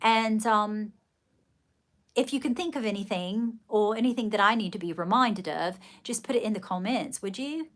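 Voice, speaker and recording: A middle-aged woman hosts a live stream, chatting casually and telling rambling stories while calling her viewers darling. Her voice is mid-range, at a moderate pace.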